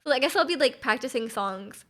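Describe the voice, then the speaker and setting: A young-sounding woman chatting on her stream, her voice a touch high. She rambles with fillers and frequent giggles. Her throat sounds slightly off. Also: animated, fast talker. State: throat feels off. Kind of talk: casual chat with viewers.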